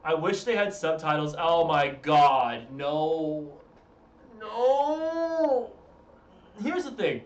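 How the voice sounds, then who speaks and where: A man's voice: on the high side, takes it slowly, few pauses, lo-fi sound. A tired young man streaming from home, chatting casually with his audience in a rambling, self-interrupting way. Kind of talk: casual live-stream chat. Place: room at home. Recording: roomy echo, from a distance.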